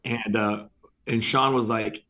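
A man's voice: on the low side, takes it slowly. A man who runs an insurance agency, chatting as a guest and telling stories animatedly, acting out quoted lines. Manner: animated storyteller, acts out quotes. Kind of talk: casual interview conversation.

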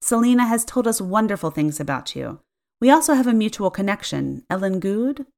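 A woman's voice: medium pitch, brisk, creaky. A woman voicing a steely, composed wife who speaks firmly and evenly. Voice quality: firm, even, cutting.

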